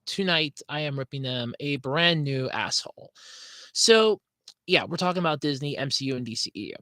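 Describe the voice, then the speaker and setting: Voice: mid-range voice, animated, moderate pace, pushed and bright, no room sound. A podcast host talking casually on a livestream, rambling, scatterbrained and apologetic, ranting in frustration.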